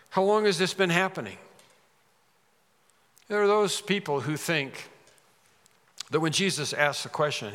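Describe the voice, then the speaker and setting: A man delivers an expository sermon at a middle pitch, his voice trailing off into the long reverb of a large hall. He builds to sudden, emphatic rises whenever he quotes scripture. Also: sharp tone. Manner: expository preaching, dramatic rises when quoting scripture. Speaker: preacher.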